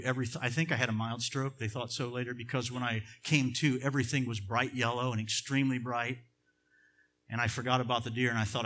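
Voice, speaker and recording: Middle-aged guy preaching, bright tense voice, hushed story bits then booming points. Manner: storytelling, swings from hushed to loud and emphatic. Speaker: pastor. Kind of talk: sermon with personal story.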